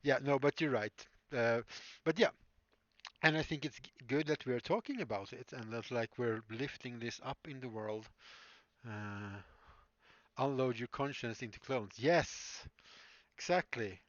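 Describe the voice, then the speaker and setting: A man's voice: mid-range voice, a little slow, fairly bright tone, no echo, highs cut off. Rambling man chatting on a live stream. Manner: rambling, answers chat, laughs often. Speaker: livestreaming prop maker. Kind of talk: casual live-stream chat. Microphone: streaming mic.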